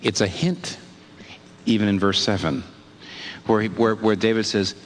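A man preaching a sermon in an animated way, asking rhetorical questions and leaping up in pitch to stress a point. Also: normal speed, slight background noise. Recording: long hall reverb.

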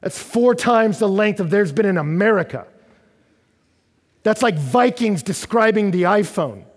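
A man delivers a sermon in a church sanctuary. His voice sits high for a man, and he turns animated, climbing toward near-shouts at the peaks. A long hall reverb trails behind his words. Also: unhurried, slightly rough. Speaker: pastor.

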